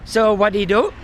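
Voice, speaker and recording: High-voiced man ranting on a street. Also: a little hiss or hum. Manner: heated and swearing, often searching for words. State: sweating in the heat. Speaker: vlogger. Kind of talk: casual ranting monologue.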